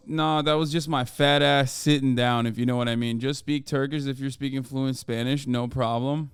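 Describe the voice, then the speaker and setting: A man in his thirties hosts a live stream from a Los Angeles home studio, chatting casually, joking in a hyped way and reading chat aloud. His medium-pitched voice is smooth and steady at a moderate pace with few pauses, in clean studio sound with no room noise.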